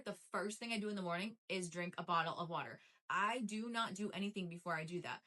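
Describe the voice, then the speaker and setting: A woman's voice: fairly low pitch, fast, hardly any pauses, bright, forceful tone. A young adult woman vlogging, giving casual motivational talk in a chatty, emphatic way with lots of repetition. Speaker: lifestyle vlogger.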